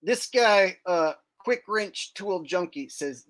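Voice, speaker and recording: A man runs a casual livestream, thanking viewers and joking in a brash, profane way. His voice sits at an ordinary middle pitch with a bright, forward edge. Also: lively intonation, takes it slowly. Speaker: livestream host.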